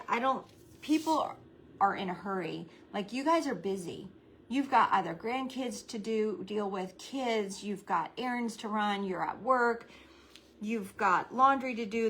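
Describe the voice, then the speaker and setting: Soft-spoken middle-aged woman hosting a crafts livestream. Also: medium pitch, a little hiss or hum, poor audio. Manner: chatty, greets viewers by name; talking softly so a baby can sleep. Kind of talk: live craft tutorial chat.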